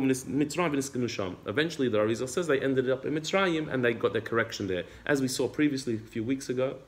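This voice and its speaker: A man teaching a religious text class. He reads Hebrew passages aloud, explains them in English, and often repeats his words as he goes. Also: medium pitch. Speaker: Torah teacher.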